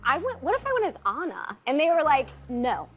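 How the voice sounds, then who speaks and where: A woman's voice: high voice, huge pitch swings, brisk, faint music behind. A woman telling a casual anecdote as a guest, amused and light.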